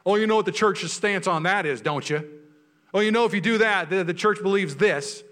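A pastor mimicking a smug, preachy churchgoer who lectures others on rules. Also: male voice, high voice, brisk, fairly bright tone, big-room sound, voice pushed up. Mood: smug lecturing. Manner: sarcastic, moralizing.

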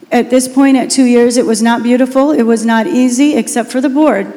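A pastor's wife telling a personal testimony during a sermon in an emotional, animated way. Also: female voice, a little high, normal speed, few pauses, in a large hall.

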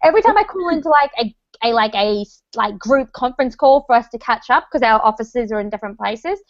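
A woman's voice: fairly high pitch, expressive, brisk, dry recording, lo-fi sound. An Australian woman co-hosting a podcast in casual chat, laughing often and acting out quotes in put-on voices. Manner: chatty, laughing, acts out quotes in mock voices. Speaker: podcast co-host.

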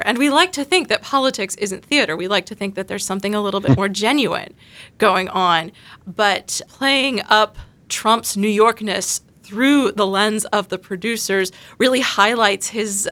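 A woman speaks on a podcast panel with a bright, clear-edged voice. She explains her points in a measured, analytical way, building each idea step by step. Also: mid-range voice.

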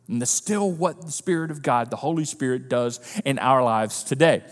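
A man preaching a sermon, conversational and animated as he acts out the disciples' panic. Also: mid-range voice, moderate pace, hardly any pauses, big-room sound. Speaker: pastor.

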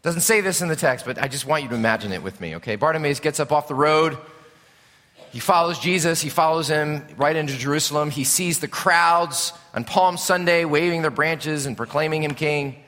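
A man preaching a sermon as a pastor, impassioned, swinging between loud and hushed. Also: a little high, a little fast. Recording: preached in a reverberant hall.

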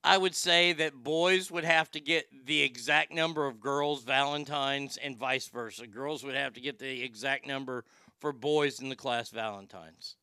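Middle-aged male comic host, profane ranter, crisp clear tone, loud-to-muttered swings. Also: medium pitch, normal speed, dry recording, clean studio sound. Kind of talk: casual comedic rant.

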